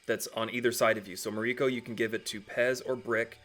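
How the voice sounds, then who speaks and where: A man's voice: mid-range voice, fairly even intonation, fast, a bit bright, soft background music. A man narrating as game master of a tabletop game over a voice call, loose and casual, with fillers and the odd curse.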